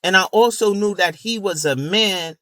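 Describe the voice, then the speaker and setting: A man's voice: high-pitched, moderate pace, a bit bright, dry recording. A man telling a personal story in an emphatic, casual way, repeating words and using fillers like "you know.". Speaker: video creator.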